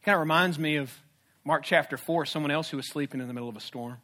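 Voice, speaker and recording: A male pastor preaching a sermon, animated, with swings from hushed to loud. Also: a little high, quick pace.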